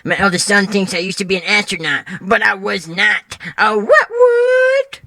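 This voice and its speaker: A man doing a gravelly, squeaky oddball dad. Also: very animated, normal speed, sharp tone, no room sound, studio quality, heavily acted. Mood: shifty. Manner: squeaky "what, what?" outbursts, shifty. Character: oddball middle-aged male confessing dad.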